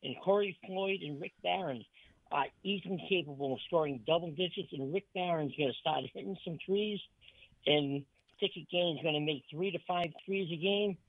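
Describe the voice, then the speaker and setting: A man's voice: on the high side, normal speed, no echo. A man calling into a sports radio show, eagerly rattling off names and stats. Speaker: caller. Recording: tinny phone line.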